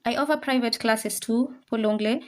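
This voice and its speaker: A woman with a slightly high voice and moderate pace teaches a live online French class. She patiently repeats each word to drill pronunciation, mixing in English and some Swahili.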